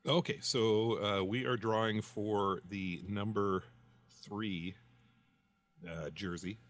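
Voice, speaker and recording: Man, podcast co-host, very deep voice, casual chat, halting delivery. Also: steady tone, fairly bright tone. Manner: halting, many fillers while storytelling. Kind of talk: casual chat and joke telling.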